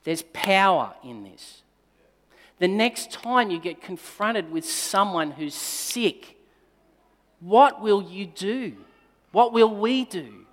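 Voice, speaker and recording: A man's voice: high voice, expressive, slow pace. Man preaching in a reverberant hall. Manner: dynamic storytelling, swinging between loud emphasis and hushed, tender delivery. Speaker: pastor. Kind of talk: sermon with a personal story. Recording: long reverb of a large hall.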